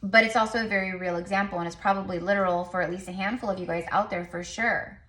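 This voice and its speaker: A woman's voice: medium pitch, fairly even intonation, fairly bright tone. A woman giving a casual tarot reading to her viewers, rambling with many fillers and restarts. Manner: says she talks fast. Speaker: tarot reader.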